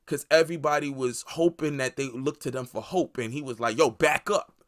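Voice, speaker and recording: Guy rambling thru a show recap, lots of "like", swears a bunch, dry close sound, average pitch. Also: brisk, no room sound. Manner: loose, profane, rambling recap full of "like" fillers. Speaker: host of a movie review channel. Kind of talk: casual spoken series review.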